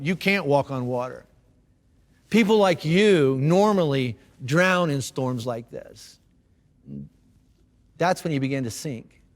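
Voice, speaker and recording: A man preaching a casual sermon, telling the story in a relaxed, chatty way with slang and repeated words. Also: on the high side, long reverb tail. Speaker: pastor. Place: church auditorium.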